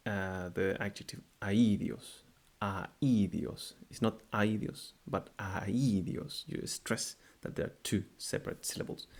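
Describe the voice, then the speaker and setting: A man teaching a language lesson, speaking unhurriedly and repeating words slowly to model their pronunciation. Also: on the low side, gravelly. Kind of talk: explanatory video lesson.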